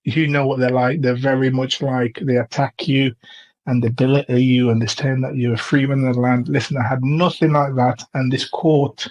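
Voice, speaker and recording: An English man tells his story in a casual first-person way, earnest and halting, full of ums and restarts. His voice stays flat and even in pitch. The recording sounds a little muffled and lo-fi. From England. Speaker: testimony speaker.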